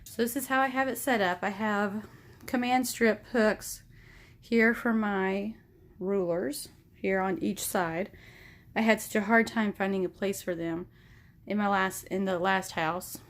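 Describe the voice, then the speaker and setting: A woman's voice: medium pitch, fairly even intonation, measured pace. A woman in her thirties or forties, a sewing vlogger, giving a chatty, rambling tour of her small home sewing room while filming on her phone. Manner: chatty, rambling, self-deprecating. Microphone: phone held at arm's length.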